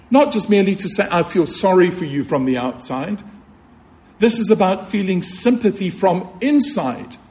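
A man's voice: high-pitched, darkish tone. Earnest male preacher, emphatic delivery. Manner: earnest, emphatic, with rhetorical questions and repetition. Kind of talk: sermon.

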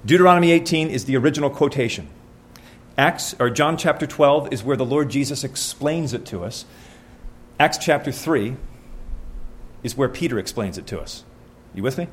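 A man's voice: medium pitch, expressive, moderate pace, slight background noise. A man preaching a sermon, reading scripture aloud and asking his listeners questions in an earnest, conversational way.

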